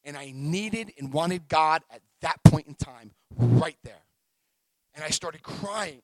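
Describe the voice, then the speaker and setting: A middle-aged man sharing his recovery story at a meeting, telling it in an emotional, animated way. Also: on the high side, slow pace, no room sound, low-quality recording.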